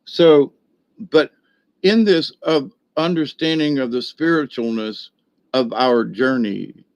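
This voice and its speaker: A man's voice: medium pitch, slow, no room sound. Folksy older man rambling through a story. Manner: folksy, rambling, many fillers and restarts. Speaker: video host.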